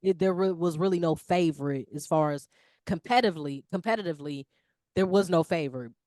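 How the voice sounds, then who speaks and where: Woman, sports talk co-host, lively and slangy, dry close sound. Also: fairly low pitch, brisk, no room sound. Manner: animated, slangy, lively talk about basketball. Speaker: podcast co-host. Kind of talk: casual sports chat.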